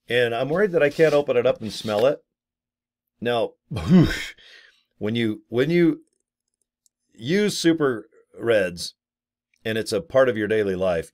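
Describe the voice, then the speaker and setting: Animated joking middle-aged man. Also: mid-range voice. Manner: playful, exaggerated, jokey rants. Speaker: vlogger promoting products. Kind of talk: casual joking monologue.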